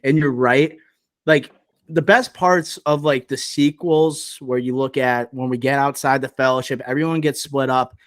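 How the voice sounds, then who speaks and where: A man's voice: medium pitch, fairly even intonation, normal speed, dry recording. A man leading a casual movie podcast, eager and heartfelt as he talks. His voice sits in a middle register, and the recording is dry and close with almost no room sound. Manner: enthusiastic, emotional, rambling. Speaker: podcast host.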